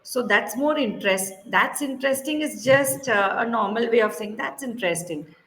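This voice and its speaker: A woman's voice: fairly high pitch, expressive, moderate pace. A woman with an Indian English accent, tutoring spoken English on a video call, coaxing and acting out phrases with exaggerated intonation. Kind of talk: online spoken-English lesson. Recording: echoey room with loud background noise.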